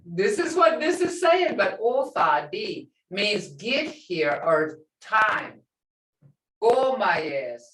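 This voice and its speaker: An older woman teaching a language class in a relaxed, chatty way, repeating phrases slowly and laughing often. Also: medium pitch. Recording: echoey room, mic set far off.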